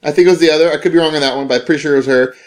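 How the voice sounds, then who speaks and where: A man's voice: fairly high pitch, fairly even intonation, very fast. Rambling young man telling a story. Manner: rambling, full of fillers, laughing. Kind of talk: casual storytelling.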